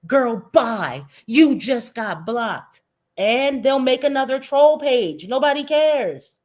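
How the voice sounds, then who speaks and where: A woman's voice: high-pitched, lively intonation, darkish tone. A woman streamer reacting to posts in a brash, profane, mocking way. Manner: slow-paced, drawn-out. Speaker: commentary streamer. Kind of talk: reaction commentary.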